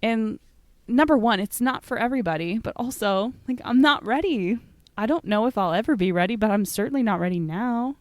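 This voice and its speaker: A woman's voice: fairly high pitch, expressive, fairly quick, darkish tone, no echo, studio quality. A woman co-hosting a podcast, chatting casually and giving strong opinions, often saying "like". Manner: chatty and opinionated, fills talk with "like". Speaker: podcast co-host. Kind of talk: casual chat about musical theater.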